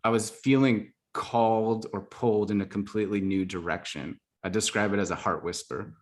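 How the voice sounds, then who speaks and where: Earnest, low-voiced man telling his story. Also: fairly even intonation, normal speed. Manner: earnest, reflective, full of fillers like "like". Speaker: podcast guest, life coach. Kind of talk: casual storytelling interview.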